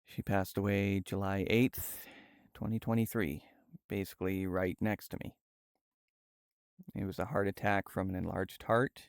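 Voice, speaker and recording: Streamer, young man, low clear voice, slow and halting, soft-spoken, dry close sound. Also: level tone, dry recording. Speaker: livestreamer. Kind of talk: casual livestream chat. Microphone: VR headset setup.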